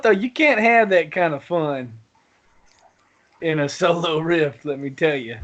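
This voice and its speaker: A man's voice: a little high, fairly bright tone, muffled recording. Rambling, laughing male gaming podcaster. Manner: rambling storyteller, laughs often. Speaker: podcast co-host. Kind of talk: casual gaming podcast story.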